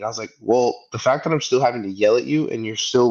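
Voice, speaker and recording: This fast-talking podcast co-host is a man in his thirties with a medium-pitched voice, heard in a muffled recording. He tells a story in casual chat, animatedly acting out the people in it.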